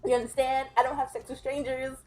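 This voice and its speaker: A young woman tells a story to camera in a chatty vlog, her voice sitting a little high for a woman. She stays lively and keeps dropping into mock voices for the people she quotes. Soft music plays faintly behind her. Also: quick pace. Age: young adult. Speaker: vlogger. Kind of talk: casual storytime.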